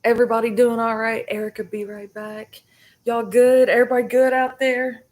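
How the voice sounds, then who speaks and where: A woman's voice: fairly high pitch, flat delivery, normal speed, a little mellow. A middle-aged woman chatting casually to her viewers, rambling with many fillers and restarts. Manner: addresses the audience directly. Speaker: spiritual reading streamer. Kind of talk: casual live chat to viewers.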